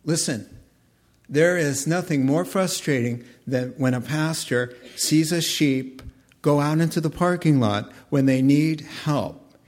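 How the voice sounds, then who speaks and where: A man's voice: on the high side, a little slow, a little mellow. A man preaching a sermon as pastor, retelling scripture vividly and acting out the scenes.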